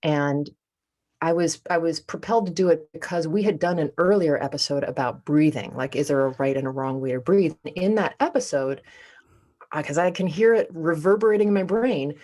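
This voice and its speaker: A woman with a notably low voice co-hosts a relaxed podcast conversation. She jokes around and laughs easily, keeping a playful, chatty tone. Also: fairly quick. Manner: joking, playful, laughs often. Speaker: podcast co-host. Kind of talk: casual podcast chat.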